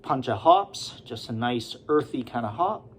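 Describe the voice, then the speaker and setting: Slow-talking man reviewing a beer. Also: mid-range voice, a little hiss or hum. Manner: relaxed, rambling, with many fillers and asides.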